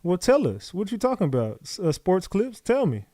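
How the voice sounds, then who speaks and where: A man with a New York accent runs a live commentary stream, reading updates aloud and talking straight to his chat. His voice sits a bit high, and the sound is close and dry. He swears often and sounds animated throughout. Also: moderate pace, no echo. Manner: profane, animated, talks to chat. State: out of breath. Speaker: livestream commentator.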